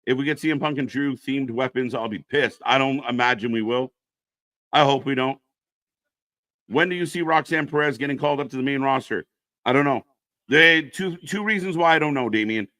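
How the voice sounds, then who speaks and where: A man hosts a casual live stream, calling wrestling action and answering viewers from chat. His voice is bright and forward, recorded close and dry at a desk microphone with no room sound. His delivery is chatty and reactive. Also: mid-range voice, dry recording. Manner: chatty, reads chat names aloud, reacts to the match. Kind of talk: casual live alternative commentary.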